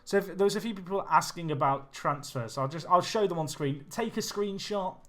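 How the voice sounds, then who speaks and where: A young man chatting with his viewers while he plays, excitable and casual. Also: sits high, fairly quick. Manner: chatty, excitable, talks to chat. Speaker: streamer. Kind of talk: live game commentary and chat. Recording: faint music behind.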